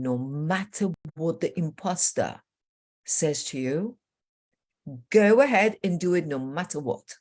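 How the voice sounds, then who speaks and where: Low-voiced animated woman coach. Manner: animated, earnest storytelling with quick asides. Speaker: transformational coach. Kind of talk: interview guest telling stories.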